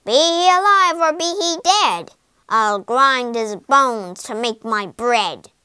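A woman's voice: high voice, expressive, slow pace, bright, forceful tone, clear, resonant tone, no echo, studio quality, exaggerated voice. A woman voicing a huge, greedy male giant who bellows his lines in a storybook reading. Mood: booming. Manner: bellowing, roaring commands. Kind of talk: storybook character voice.

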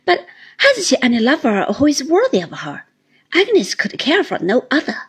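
A woman's voice: high-pitched, wildly swooping pitch, moderate pace. A woman reading the lines of an earnest young man who asks hesitant, searching questions.

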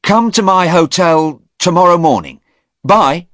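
A man voicing an agitated young man, talking in a high, strained, hurried way in an audiobook. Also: very animated, a bit bright, no echo, studio quality, exaggerated voice. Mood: flustered.

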